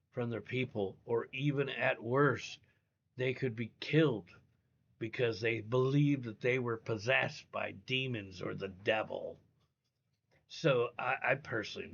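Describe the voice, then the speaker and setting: A man's voice: medium pitch, gravelly, fairly bright tone, husky, highs cut off. A man ranting live on a stream, blunt, heated and profane. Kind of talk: live reaction rant.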